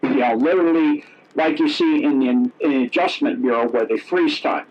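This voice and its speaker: A man's voice: medium pitch, normal speed, a little hiss or hum. Rambling storyteller man, lo-fi sound. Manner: rambling, self-correcting, acts out quoted dialogue. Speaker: interview guest. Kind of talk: casual storytelling. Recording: dull lo-fi audio.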